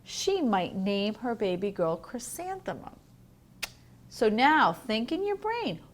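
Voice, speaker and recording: A woman teacher reading a picture book aloud to young children in a home learning video, gentle and asking the listener questions. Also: a little high. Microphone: home video recording.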